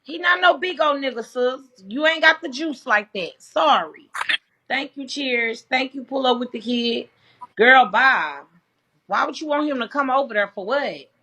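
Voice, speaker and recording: Loud, heated woman streamer, slow and bright. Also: sits high, animated, slightly rough. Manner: loud, profane and heated, addressing viewers. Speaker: livestream host. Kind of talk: casual livestream commentary.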